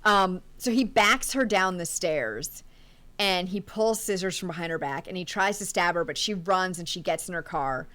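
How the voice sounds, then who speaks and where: A woman's voice: lowish voice, moderate pace. Woman recapping a movie plot. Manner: recaps plot in detail, animated. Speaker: podcast co-host. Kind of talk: casual movie podcast chat.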